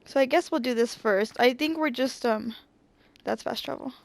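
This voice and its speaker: A woman's voice: fairly high pitch, normal speed, creaky, dry recording. A woman streamer casually commenting while playing a video game, offhand and reading choices aloud. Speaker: gameplay streamer.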